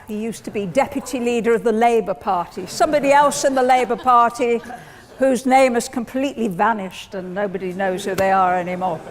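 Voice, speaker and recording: An older English woman giving a formal debate speech, wry and emphatic, with lively speechmaking. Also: on the high side. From England. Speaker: debate speaker. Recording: long hall reverb.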